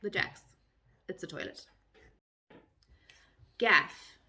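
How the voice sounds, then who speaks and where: A middle-aged woman with a South African accent talks casually to her camera. Her voice is bright and forward. She keeps things light-hearted and jumps her pitch up when she mimics a phrase. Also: measured pace. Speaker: vlogger.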